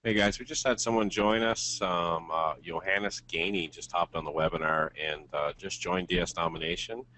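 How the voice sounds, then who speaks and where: A man's voice: low-pitched, steady tone, moderate pace, hardly any pauses, sharp tone. A man co-hosting an online webinar, making casual friendly announcements with many hesitant uhs. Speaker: webinar co-host.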